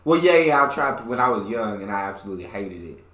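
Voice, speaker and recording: An American man hosting a casual reaction chat, his voice bright and forceful. He talks emphatically and laughs often, and the recording has a roomy echo. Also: lowish voice, sing-song, fast. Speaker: reaction video host.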